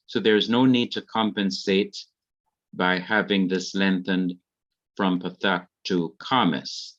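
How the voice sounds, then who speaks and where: A Jamaican man teaches a class, walking slowly and deliberately through each grammar rule. His voice sits fairly low and comes through muffled, dull online audio. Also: fairly bright tone. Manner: slow, careful explanation of grammar rules. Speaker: Hebrew teacher. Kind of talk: online revision lecture.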